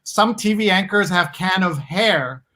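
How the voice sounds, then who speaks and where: A man's voice: sits high, lively intonation, a little slow, sharp tone. A man hosting a casual interview over a video call, chatty and eager to promote his show. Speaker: host.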